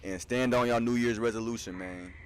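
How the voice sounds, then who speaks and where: A man's voice: mid-range voice, fairly even intonation, fairly quick, smooth. A man co-hosting a casual sports podcast, playful and teasing. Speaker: podcast co-host.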